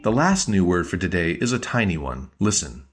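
A man teaching a language lesson in a measured, explanatory way. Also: low voice, big pitch swings, faint music behind. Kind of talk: scripted lesson narration.

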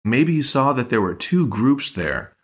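A man teaching a language lesson in a measured, explanatory way. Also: medium pitch, sing-song, breathy edge. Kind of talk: scripted lesson narration.

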